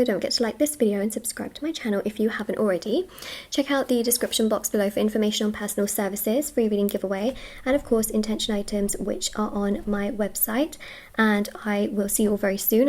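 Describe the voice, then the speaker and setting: A woman giving a casual tarot reading to her viewers, talking fast, slightly out of breath, gushing and reassuring with many fillers. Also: medium pitch, darkish tone. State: short of breath. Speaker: tarot reader. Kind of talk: casual spiritual reading to camera.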